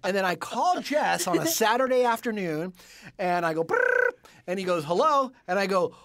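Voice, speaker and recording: A man from California, a podcast guest telling animated stories, acting out voices and stumbling over quick restarts. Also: sits high, dry recording, clean studio sound. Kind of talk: storytelling in conversation.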